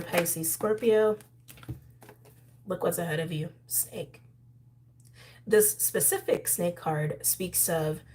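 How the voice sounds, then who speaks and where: A young woman with a slightly low voice gives a tarot and astrology reading. She talks straight to her viewers in a chatty, animated way. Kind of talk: intuitive tarot reading to camera.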